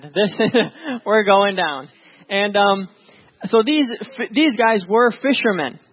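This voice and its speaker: A man preaching a sermon as pastor, reading scripture and talking to his congregation in a conversational way, often repeating words and asking "right?". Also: high voice. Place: church before a congregation. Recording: dull lo-fi sound.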